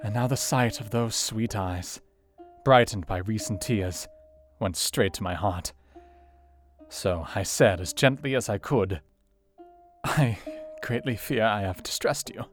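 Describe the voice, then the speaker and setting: Guy playing a solemn old-fashioned doctor, lowish voice, formal and gentle, faint music behind. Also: measured pace, close to an everyday voice. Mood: earnest. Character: earnest grave Victorian male doctor. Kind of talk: dramatized reading of a classic novel.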